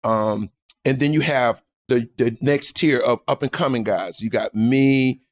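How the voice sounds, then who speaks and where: A man who is a guest comedian, telling stories in a lively, laughing way and acting out the people in them. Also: mid-range voice, measured pace. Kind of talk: animated storytelling.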